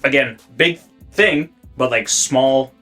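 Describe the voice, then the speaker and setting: A young man from South Africa, now speaking with a Canadian accent, co-hosting a podcast in a rambling, animated way with plenty of swearing. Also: takes it slowly, soft background music. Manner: rambling, animated, swearing, jumps high when worked up. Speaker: podcast co-host. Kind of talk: casual podcast chat.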